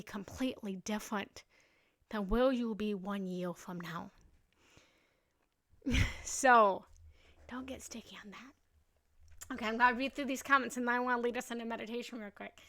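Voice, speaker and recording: A young woman hosts a live meditation session in casual live-stream chat, gushing emotionally and laughing a lot. Her voice is fairly high and a bit bright, a little slow, with frequent pauses.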